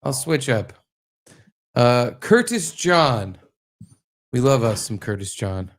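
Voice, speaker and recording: A man's voice: medium pitch, very animated, takes it slowly. Profane joking podcast guy. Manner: profane, joking, reacting to videos. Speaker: podcast co-host. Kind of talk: casual comedic banter.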